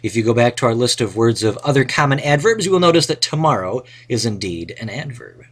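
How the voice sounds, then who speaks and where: Husky-voiced male teacher narrating a recorded grammar lesson; playful, swings his pitch widely. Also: expressive, fairly quick, fairly bright tone. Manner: playful, reads example sentences with dramatic flair.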